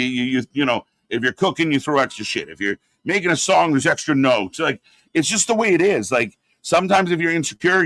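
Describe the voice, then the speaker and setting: A man's voice: a little high, a bit bright, no echo. A man hosting a live watch-along, reacting and critiquing in a rambling, exasperated way with lots of fillers. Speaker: host.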